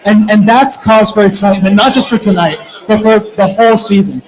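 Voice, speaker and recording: A man with a very high voice hosts a live soccer prematch show. He reads names with flair and pushes the excitement along in an energetic, casual way. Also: fairly quick, a faint crowd, low-quality recording. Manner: energetic, hypes up names and lineups. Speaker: podcast co-host reading the lineup.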